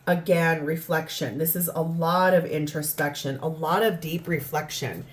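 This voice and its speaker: A woman's voice: sits low, fairly even intonation, normal speed. A woman giving a spoken tarot reading, earnest and rambling, sometimes acting out what people say. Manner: earnest, rambling, acts out quoted lines. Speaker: tarot reader.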